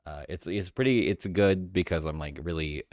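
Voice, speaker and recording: This man has a very low voice. He presents mock awards on a live stream in a halting, emotional way, full of fillers and restarts. The sound is dry and close to the mic. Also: dry recording. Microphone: close mic, voice-over without camera.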